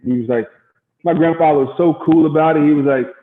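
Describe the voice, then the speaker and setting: A middle-aged man from Gary, Indiana, a former baseball pitcher, telling stories in a casual interview and acting out quotes. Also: quick pace. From Gary, Indiana, USA. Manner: animated storyteller acting out quotes. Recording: echoey, tinny phone-like sound.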